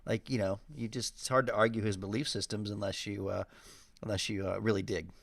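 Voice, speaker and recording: A man with a fairly low voice, chatting casually as a podcast co-host. His delivery is relaxed and joking, and the recording is dry, with no room sound. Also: a little fast, vocal fry, no echo.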